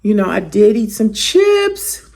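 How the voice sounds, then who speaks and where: A woman, chatting casually and warmly to viewers in a homey way in her weight loss vlog. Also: medium pitch, big pitch swings, slow, creaky, slight background noise. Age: 50s.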